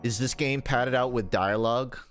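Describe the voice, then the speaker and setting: A man chatting casually on a livestream while he plays, rambling from one story to the next and swearing freely. His voice sits at an ordinary middle pitch. Faint game music plays underneath. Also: normal speed, fairly bright tone. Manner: rambling, profane storytelling with laughs. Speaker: streamer.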